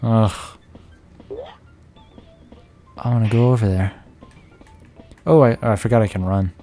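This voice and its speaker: Low-voiced man streaming a game. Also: steady tone, slow, mellow. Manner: chatty, jokey, talks to himself while playing. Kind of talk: live gameplay commentary. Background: game music.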